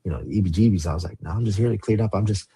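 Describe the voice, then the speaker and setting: A man's voice: deep voice, rapid-fire, mellow, slightly rough. A man from the San Fernando Valley, a podcast guest telling his story in a casual, rambling way, swearing and leaning on "like" and "you know". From Los Angeles, San Fernando Valley. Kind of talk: candid storytelling interview.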